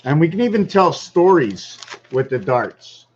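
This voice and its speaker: A man's voice: a little high, big pitch swings, unhurried, a little mellow, dull audio, slight background noise. A man rambling in a casual vlog monologue at home, thinking aloud and wandering from topic to topic. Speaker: vlogger.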